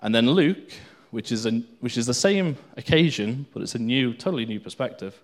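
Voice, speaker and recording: A man's voice: mid-range voice, lively intonation, fairly quick. A man giving an informal Bible teaching, reading scripture aloud between unscripted remarks full of fillers and restarts.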